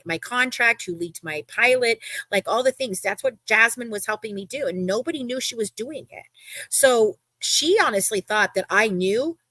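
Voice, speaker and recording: A woman's voice: a little high, dry recording, poor audio. A woman hosting a livestream, telling a heated story with lots of swearing and quoted back-and-forth. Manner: animated storytelling, acting out quoted exchanges, frequent swearing. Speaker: livestream host. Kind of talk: casual livestream chat.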